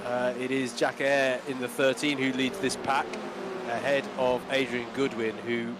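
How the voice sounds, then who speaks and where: Male co-commentator, mid-pitched, easygoing analysis over clear race-car noise. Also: flat delivery, normal speed. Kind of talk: live sim-racing colour commentary.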